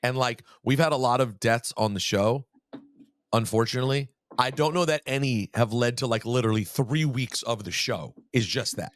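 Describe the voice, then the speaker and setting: A man's voice: mid-range voice, normal speed, dry recording. A man co-hosting a podcast in casual chat, teasing his co-host and plugging the show. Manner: lively, teasing, plugs the show.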